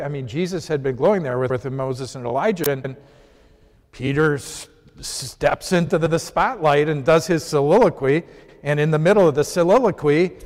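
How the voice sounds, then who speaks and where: Man teaching in a reverberant hall. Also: a little high. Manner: conversational, poses questions to the class. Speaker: Bible study teacher. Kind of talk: informal Bible lesson.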